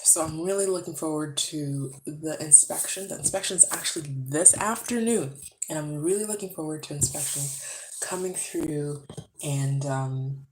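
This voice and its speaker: A tired woman vlogging from home, chatting to the camera in a hushed, low voice so she does not wake a sleeping baby. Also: moderate pace, slight background noise, low-quality recording. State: tired from being awake too long. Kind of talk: casual chat to camera. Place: home, indoors. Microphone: camera close up.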